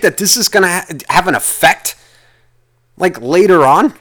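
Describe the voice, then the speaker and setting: A man's voice: high voice, animated, moderate pace, fairly bright tone. A man hosting a solo podcast, ranting in a rambling way and swearing constantly as he vents. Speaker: podcast host. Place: lives in the United States.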